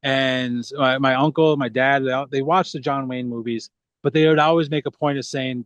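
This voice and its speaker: Actor guest, man, relaxed rambling interview talk, dry close recording. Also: mid-range voice, moderate pace, dry recording. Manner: relaxed, rambling, many restarts. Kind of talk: casual interview chat.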